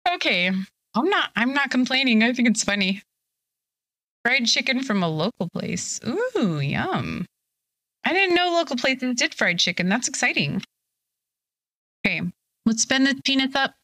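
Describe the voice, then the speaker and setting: A young woman chats on her live stream, a little tipsy, gushing and chatty as she answers her viewers. Her voice sits a bit high and has a bright edge. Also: sing-song, unhurried, pauses often, dry recording, studio quality. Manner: bubbly, gushing, reads chat aloud. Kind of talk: casual live-stream chat.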